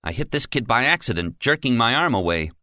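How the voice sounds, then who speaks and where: A man's voice: mid-range voice, sing-song, brisk, sharp tone, dry recording, studio quality, pitched above the performer's own voice. Man doing a panicked, shaky security guard. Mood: guilty. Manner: panicked, voice shaking. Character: shaken male company security guard.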